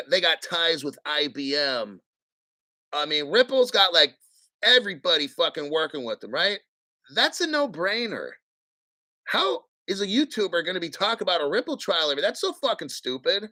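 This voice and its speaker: Male crypto streamer, blunt and foul-mouthed, dry close sound, forceful tone. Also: a little high, dry recording. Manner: blunt, profane, combative; clears his throat often. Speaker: crypto channel host. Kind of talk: livestream rant.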